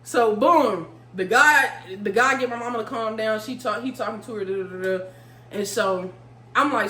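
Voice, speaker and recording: A woman vlogger telling a story in a casual, animated way, swearing freely and talking straight to her viewers. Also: on the high side, moderate pace, reverberant, slight background noise.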